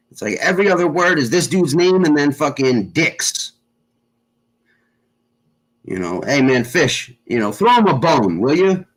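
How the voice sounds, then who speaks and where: A man's voice: mid-range voice, fairly bright tone, rough recording. A man hosting a casual chat show, rambling with lots of fillers and constant swearing. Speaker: show host.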